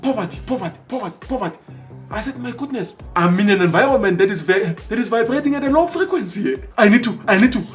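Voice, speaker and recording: A man telling motivational stories in an animated way, breaking into excited exclamations. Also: high-pitched. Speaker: motivational speaker. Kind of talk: motivational storytelling.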